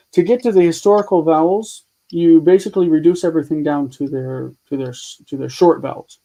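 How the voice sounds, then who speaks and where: A man with a fairly high-pitched, dark voice teaches a live online grammar lesson over a video call, on a rough recording. He's chatty and thinks aloud while fiddling with his screen tools, explaining patiently step by step with repeated examples.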